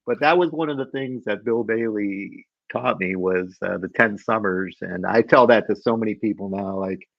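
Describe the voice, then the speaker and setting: A middle-aged man telling a story as a podcast guest, animated and acting out the voices of people he quotes. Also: on the low side, normal speed, creaky, hardly any pauses, dry recording, lo-fi sound.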